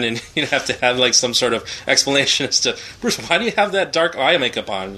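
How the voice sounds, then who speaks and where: A man with a bright, forceful voice tells a long comic story on a podcast. He rambles and circles back. His pitch sits in the middle range. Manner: rambling storyteller, acts out quotes. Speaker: podcast host. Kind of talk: casual comedic chat.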